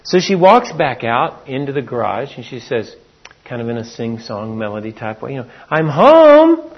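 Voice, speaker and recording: A man's voice: mid-range voice, moderate pace, husky, lo-fi sound. A man preaching a sermon in a folksy, storytelling way. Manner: folksy storytelling, acts out quotes.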